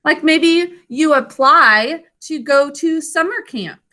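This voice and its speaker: A woman teacher leads a spelling and grammar lesson over a video call. Her voice sits high and bright. She speaks slowly and clearly, sounding out words and encouraging the class.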